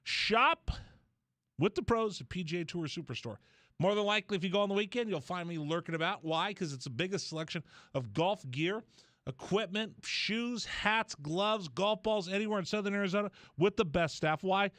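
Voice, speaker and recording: Guy on sports radio, kinda high voice, rambling story, dry studio mic. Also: no echo. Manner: rambling, animated storyteller with quick restarts. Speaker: radio host.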